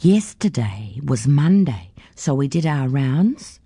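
A woman's voice: rumbling low, very animated, slow pace, mellow, slightly rough, no echo, clean studio sound. A woman reading a children's story aloud in a childlike first-person telling. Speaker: storybook reader.

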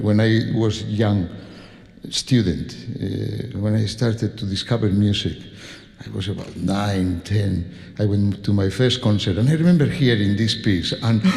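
A man's voice: fairly low pitch, gravelly. A man from Spain with a Spanish accent, a conductor addressing a concert audience, talking with frequent restarts and laughing asides. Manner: warm, hesitant, laughing asides, many restarts. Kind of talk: spoken introduction to a concert. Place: concert hall stage. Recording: long hall reverb.

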